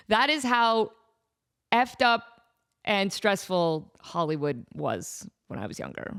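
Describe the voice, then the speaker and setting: A woman hosting a podcast, telling stories in a rambling, animated way and laughing often. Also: mid-range voice, slow pace. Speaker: podcast host. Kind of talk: casual storytelling monologue.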